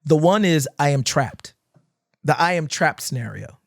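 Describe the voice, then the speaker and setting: A man's voice: a little high, normal speed, gravelly, no room sound, studio quality. A man who teaches dance, talking casually on a podcast, acting out crowds and swearing freely as he tells stories. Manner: animated storytelling, acting out crowds and shouts, swears often.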